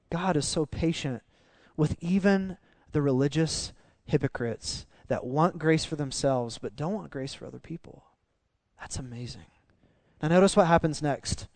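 A male pastor preaches with animated emphasis, often repeating phrases as he builds a point. His voice sits high for a man. The sound is dry and close-miked. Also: normal speed, no echo. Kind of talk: sermon.

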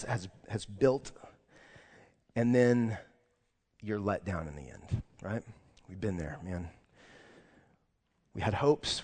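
A man's voice: medium pitch, a little mellow. Young male pastor preaching casually. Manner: casual storytelling, then earnest and subdued. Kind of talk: sermon. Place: church sanctuary. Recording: long reverb of a large church room.

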